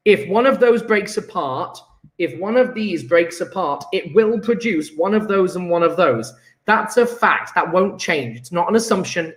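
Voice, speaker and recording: A man's voice: high voice, fairly bright tone. A man, a chemistry teacher reviewing homework in a classroom, chatty and enthusiastic, thinking aloud as he works through answers. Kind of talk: recorded homework review lesson. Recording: echoey room.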